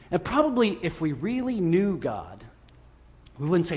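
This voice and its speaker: Male pastor, middle-aged, slightly raised pitch, chatty and self-deprecating sermon delivery that jumps into emphatic high bursts. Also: very animated, unhurried, pauses often.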